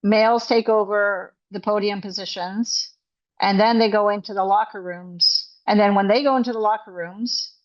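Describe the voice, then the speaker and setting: A woman coach answers interview questions with emphatic indignation, restarting phrases as she presses her points. Her pitch sits in the middle range. The recording is slightly muffled. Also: fairly even intonation, normal speed. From Canada. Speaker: coach and author. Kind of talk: podcast interview guest.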